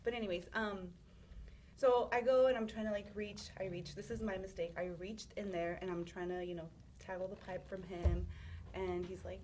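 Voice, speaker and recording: A woman's voice: medium pitch, steady tone, moderate pace, a little mellow, a little hiss or hum. A young woman in casual chat, telling a personal story in a rambling way with many fillers. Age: young adult.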